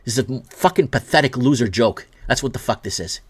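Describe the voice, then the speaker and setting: A man's voice: mid-range voice, animated, brisk, breathy edge. Guy from canada hosting his own show, angry sweary rant, voice jumps way up and down. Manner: angry, profane ranting, reading headlines aloud; stumbles and repeats himself when worked up. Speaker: host. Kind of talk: solo news commentary show.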